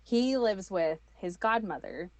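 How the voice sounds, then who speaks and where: A woman, telling her own story as an interview guest, animated and full of fillers. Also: medium pitch, unhurried. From United States. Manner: animated, acts out quoted voices, many fillers.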